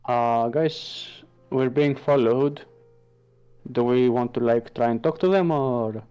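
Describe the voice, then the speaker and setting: A man's voice: medium pitch, slow pace, mellow, clear, resonant tone, dull audio, soft background music. A man playing a tabletop game, blunt and practical. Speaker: player.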